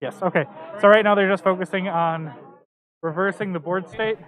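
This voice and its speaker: High-voiced man co-commentating a card game. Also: moderate pace, a bit bright, rough recording.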